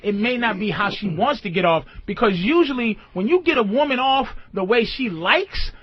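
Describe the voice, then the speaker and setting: A man's voice: sits high, animated, moderate pace, slightly rough, dry recording. A man hosting a radio show in casual chat, profane and laughing loosely, on a dull radio recording with music behind.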